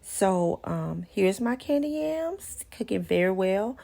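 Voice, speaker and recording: A woman's voice: mid-range voice, sing-song, takes it slowly, creaky, few pauses, dark tone. A woman hosting a cooking channel, giving chatty, homey step-by-step instructions in a casual voice-over.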